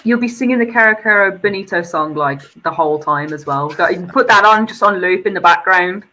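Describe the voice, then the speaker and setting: A woman's voice: on the low side, brisk, pushed and bright, poor audio. A woman guesting on a live stream, chatting casually and a little hesitantly. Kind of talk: casual chat. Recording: faint noise.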